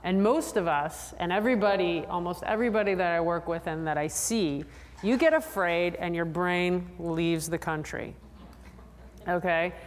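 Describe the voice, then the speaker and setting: A woman psychologist giving a lively, chatty talk to a convention audience, drawing answers from the crowd. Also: normal speed. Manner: animated, chatty, acts out riders in high voices. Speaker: sports psychologist presenter. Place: large convention hall. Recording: long hall reverb.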